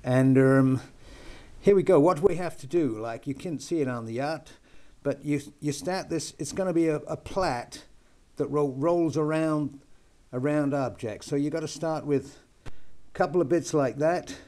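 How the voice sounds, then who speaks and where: A man's voice: a little high, measured pace, mellow. Older man faking an American accent. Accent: put-on American. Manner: chatty and jokey, hesitant with many fillers. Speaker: knot-tying instructor. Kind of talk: homemade instructional video. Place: home lounge.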